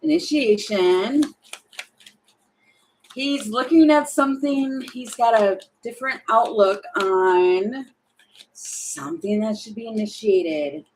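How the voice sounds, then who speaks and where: A woman talking her way through a live tarot reading, chatty and thinking aloud, exasperated at times and slipping into quick acted-out voices. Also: a little high, a little mellow, a little hiss or hum, poor audio. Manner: exasperated about the energy. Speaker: tarot reader.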